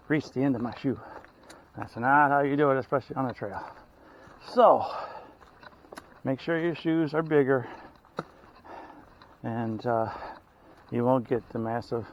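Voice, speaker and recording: A man's voice: medium pitch, lo-fi sound, slight background noise. A man outdoors on a hiking trail, giving tips in a casual, rambling vlog and often correcting himself mid-sentence. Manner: rambling, self-correcting, chatty. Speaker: hiker vlogger.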